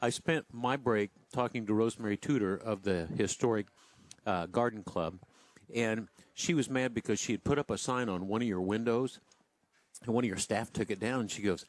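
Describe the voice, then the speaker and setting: A man's voice: mid-range voice, no echo. A man hosting a radio show, bantering in a joking way and telling little stories in casual chat.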